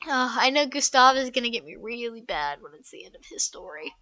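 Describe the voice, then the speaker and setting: A woman's voice: a little high, animated, brisk, pushed and bright, dry recording, soft background music. A woman streaming a video game live, reading story text aloud and reacting expressively, with ready laughter.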